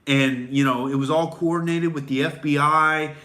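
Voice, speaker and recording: A man's voice: a little high, steady tone, moderate pace, pushed and bright. A young man hosting a profane, sarcastic political rant, rambling with fillers. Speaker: comedian host. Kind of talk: ranting livestream commentary.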